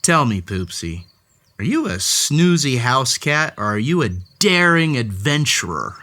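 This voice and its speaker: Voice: mid-range voice, sing-song, measured pace, bright, forceful tone. Playful, wildly sing-song storybook narrator. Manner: playful, theatrical, talks directly to the story's cat. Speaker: storybook read-aloud host. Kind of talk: expressive children's story narration.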